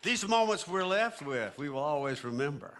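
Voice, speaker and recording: A man's voice: fairly high pitch, sing-song, moderate pace, a bit bright, a little hiss or hum. Man joking from a concert stage. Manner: loose, joking, rambling. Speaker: singer on stage. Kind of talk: live stage banter.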